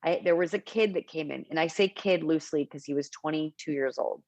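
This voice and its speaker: Woman, middle-aged, storytelling guest, animated quotes, lower voice, dull dry sound. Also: fairly quick, no echo. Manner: animated, acts out quotes in anecdotes. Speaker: cannabis advocate guest. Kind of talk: storytelling interview chat.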